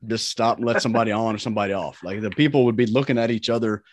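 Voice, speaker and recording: A man's voice: lowish voice, steady tone, racing, a little hiss or hum. A man hosting a podcast, chatting casually and trading his own travel anecdotes. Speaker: podcast host. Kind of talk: casual chat.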